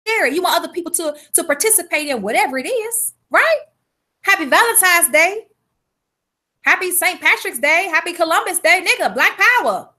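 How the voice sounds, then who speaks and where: A woman teaching an informal health class, talking in an emphatic, colloquial way and telling animated stories. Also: extremely high pitch. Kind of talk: informal live class talk.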